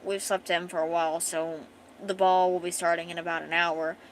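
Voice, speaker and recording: A gentle young nobleman speaks low and softly, steady and reassuring as a woman reads him aloud. He sounds kind and protective in this storybook scene. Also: a little fast, slight background noise, lightly acted, rough recording. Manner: soft, reassuring.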